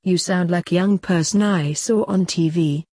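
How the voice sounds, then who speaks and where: A woman's voice: fairly low pitch, measured pace, mellow, slightly rough, no echo, clean studio sound. A woman voicing a grumpy, ancient male doctor who grumbles wearily. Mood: grumbling. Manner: grumbling and weary.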